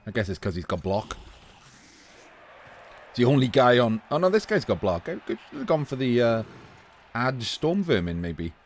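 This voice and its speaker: A male esports commentator calling a match live in a loose, chatty way. He laughs often and swears without a second thought. His mid-pitched voice is getting a little hoarse. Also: very animated, normal speed, pauses often, a little hiss or hum. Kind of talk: casual live video game commentary.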